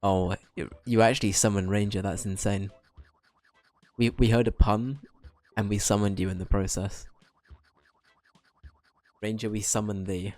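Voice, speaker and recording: A young man with a fairly low voice, chatting casually as he streams a game. He cracks jokes at his own expense and throws in quick asides. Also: fairly even intonation, a little mellow. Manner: joking, self-deprecating, quick asides. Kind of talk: casual gaming commentary.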